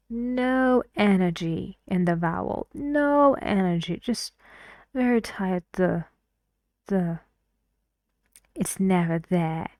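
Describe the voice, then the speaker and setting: Woman pronunciation teacher, unhurried and mellow, patient drills, dry close sound. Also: medium pitch, dry recording. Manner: patient, drills words aloud, repeats for emphasis. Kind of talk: language lesson.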